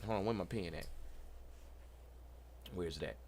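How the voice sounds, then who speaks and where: A middle-aged man hosts a casual livestream tech talk. He is excited and preachy, repeats himself and talks to the chat. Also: low voice, unhurried. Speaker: host.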